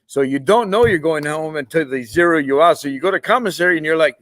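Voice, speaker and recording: A man's voice: fairly high pitch, fast, fairly bright tone, dry recording. A man hosting a casual interview, chiming in and explaining how things work. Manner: chimes in, explains prison routines. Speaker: host.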